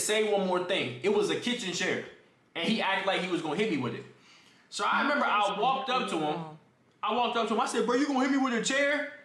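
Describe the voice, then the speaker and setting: A man's voice: high-pitched, bright, forceful tone, roomy sound. A young man streaming, casually telling a story to his chat in slang and talking straight to his viewers. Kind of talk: animated storytelling to a live chat.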